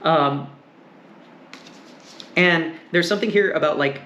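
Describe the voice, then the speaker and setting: A man's voice: a little high, takes it slowly, bright, forceful tone, muffled recording. Musing man reading tarot, echoey room. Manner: musing, meandering, frequent fillers. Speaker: tarot reader. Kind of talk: casual tarot reading and discussion. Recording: echoey room with faint noise.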